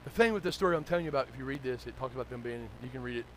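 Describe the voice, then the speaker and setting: A male pastor, preaching a sermon that moves from low, conversational storytelling to loud, shouted exhortation. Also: racing, a little hiss or hum, poor audio.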